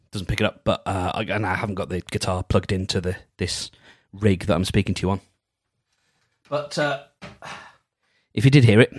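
Rambling, gentle podcast man. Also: on the low side, dry recording, studio quality. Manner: meandering, self-interrupting, gentle. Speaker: podcast host. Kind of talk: casual solo podcast chat.

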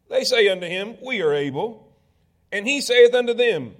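A man's voice: high-pitched, lively intonation, moderate pace. A man preaching a sermon in a church sanctuary, reading old scripture aloud and breaking off for folksy asides to the congregation. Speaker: pastor.

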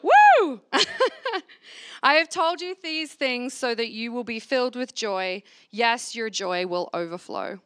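A woman's voice: a little high, measured pace, hardly any pauses, pushed and bright, clear, resonant tone, no room sound, clean studio sound. A woman leading a church reflection, reading scripture aloud and asking the listeners to repeat affirmations after her. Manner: earnest, asks the room to repeat lines. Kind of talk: sermon with call-and-response scripture reading. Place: church gathering.

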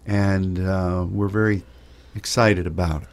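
A middle-aged man co-hosting a prayer ministry radio show, chatting casually and haltingly with many fillers and restarts. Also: sits low, fairly even intonation. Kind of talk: casual chat.

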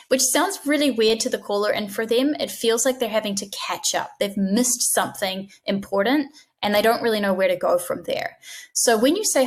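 A woman's voice: on the high side, expressive, brisk. A woman giving an instructional talk as a dental practice trainer, coaching in a direct, emphatic way and acting out sample phone greetings.

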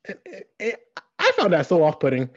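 A woman co-hosting a casual recap podcast, blunt and excitable, laughing often, on a dull mic. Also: fairly low pitch, brisk, slightly rough. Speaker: podcast co-host.

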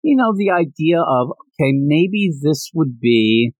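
A man co-hosting a podcast in casual chat, talking in an animated, jokey way with frequent stumbles and restarts. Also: a little high, a little slow, dry recording, dull audio. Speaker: podcast co-host.

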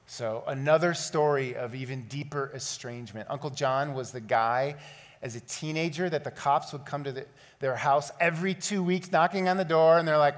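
A man's voice: a little high, normal speed. A middle-aged male pastor preaching a sermon, telling a personal story and building to impassioned appeals. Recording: long hall reverb.

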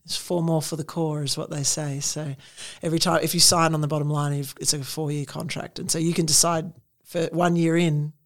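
A woman's voice: low voice, flat delivery, a little fast. An Australian woman guest talking casually in an interview, chatty with lots of fillers and laughter.

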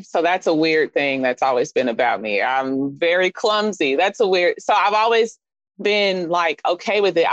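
Woman, Midwestern accent, lowish voice, dry close sound, slightly dull, expressive casual chat. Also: no echo. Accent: Midwestern American. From Kansas City, Missouri. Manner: animated, expressive, jumps up in pitch for emphasis. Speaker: fashion designer guest.

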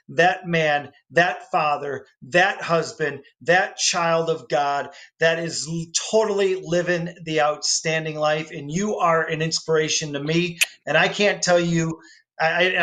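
High-voiced, enthusiastic male show host. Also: a bit bright. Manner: enthusiastic, effusive praise. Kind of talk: upbeat interview talk and show sign-off.

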